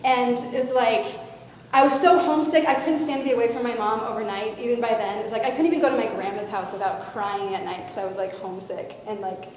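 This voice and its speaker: A woman's voice: fairly high pitch, quick pace. A woman animatedly telling a personal faith story to a young audience as a guest speaker. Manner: animated storytelling with lively shifts in loudness. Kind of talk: personal testimony to a youth audience. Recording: echoey hall, faint noise.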